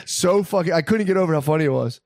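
A man's voice: fairly high pitch, fast talker, no echo, studio quality. A man chatting casually, telling crude stories with lots of swearing and laughter. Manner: excitable, laughs often, swears a lot. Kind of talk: casual chat, crude storytelling.

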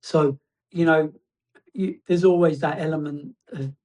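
A man sharing a personal testimony as a guest, reflective and halting, often restarting his phrases. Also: on the high side, steady tone, a little mellow.

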